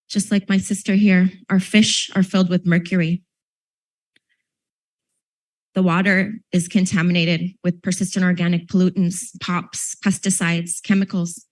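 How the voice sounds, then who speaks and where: Earnest woman panelist, somewhat low voice. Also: darkish tone, rough recording. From Minnesota, United States. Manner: earnest, emotional, slightly choked up. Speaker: panel speaker. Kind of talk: public panel talk. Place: panel event at a university.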